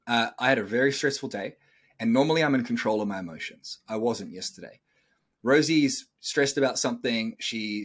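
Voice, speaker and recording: A man's voice: medium pitch, a bit bright. A middle-aged man hosting a podcast, talking bluntly and coaching listeners, swearing freely. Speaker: podcast host. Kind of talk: casual podcast talk.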